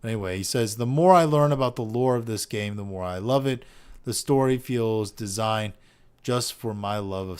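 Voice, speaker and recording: A podcast host with a smooth, lowish voice reads out online posts on a casual show and rants about them, exasperated and heavily profane.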